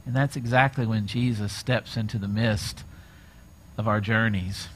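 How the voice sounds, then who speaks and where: A middle-aged male pastor preaching a sermon, retelling scenes with lively acted-out quotes. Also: fairly low pitch, measured pace, a little hiss or hum. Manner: animated storytelling, acts out quoted voices.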